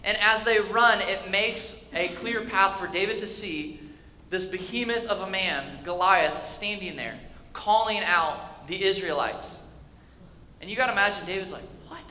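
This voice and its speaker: A young male youth pastor delivers a sermon in a large, echoey church hall with faint ambience and a slight hiss or hum. His voice is high, bright, and forceful yet unhurried, and he tells the story casually and jokingly while acting out the characters.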